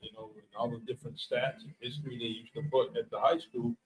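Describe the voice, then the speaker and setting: A man reminiscing in a halting way, searching for words during casual chat at a coffee shop. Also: mid-range voice, very animated, creaky, poor audio.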